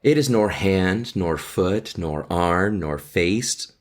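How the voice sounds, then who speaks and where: A man voicing a lovestruck teenage girl, reciting old verse slowly in a raised, lilting voice. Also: low-pitched, lively intonation. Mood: dreamy.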